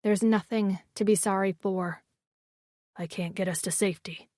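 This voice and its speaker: A woman voicing a huge, gentle male alien warrior who speaks low and softly, often in a whisper, in an audiobook. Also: fairly even intonation, normal speed, no room sound, clean studio sound, natural voice. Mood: tender.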